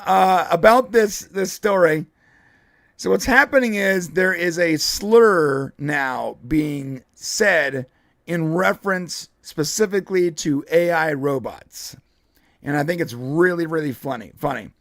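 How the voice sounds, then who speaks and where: A man's voice: a little high, slow, vocal fry, fairly bright tone, no echo, studio quality. A man co-hosting a live podcast stream, chatting casually in a rambling way with frequent restarts and laughs. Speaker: podcast co-host.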